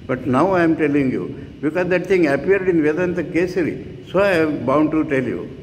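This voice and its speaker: A man's voice: on the high side, normal speed. A man in his eighties with an Indian accent giving a devotional lecture, earnest and digressive, with frequent asides. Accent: Indian English. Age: 80s. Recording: reverberant room with faint noise.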